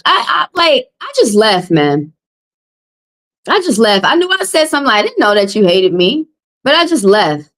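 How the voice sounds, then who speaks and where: A Southern tarot reader and live-stream host delivers a heated rant to her chat, upset, confrontational and going over the same points repeatedly. Her slightly high, a bit bright voice has a sing-song lilt at normal speed.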